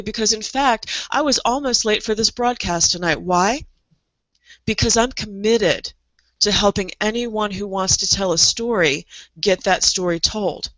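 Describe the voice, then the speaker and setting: Here the same kind of earnest coaching comes through dull audio without echo: a middle-aged woman leads aspiring writers through guided imagery, repeating phrases, in an online motivational talk. Her voice is medium in pitch with a fairly bright tone.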